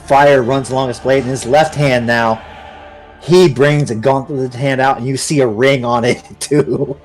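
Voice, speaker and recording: A man narrating as the game master of a tabletop fantasy game, describing the action in an animated way. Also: mid-range voice, a little slow, soft background music.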